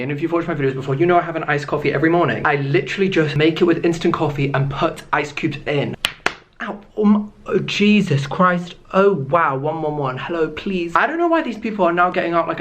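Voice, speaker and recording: A man's voice: a little high, a bit bright. A young British man vlogging at home in a playful, camp, joking manner, often breaking into silly sung bits. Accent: British English. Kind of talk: casual comedic vlog.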